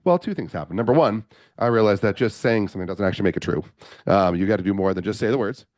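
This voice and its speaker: Male coach guest, middle-aged, low voice, rapid animated storytelling, dry studio sound. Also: dry recording. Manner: animated storyteller, acts out quotes. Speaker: podcast guest, men's coach. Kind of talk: storytelling interview.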